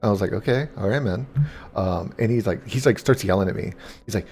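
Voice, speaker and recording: A man's voice: fairly low pitch, normal speed, a little mellow, soft background music. A young man casually telling a rambling, profane story while gaming, full of fillers. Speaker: gaming streamer.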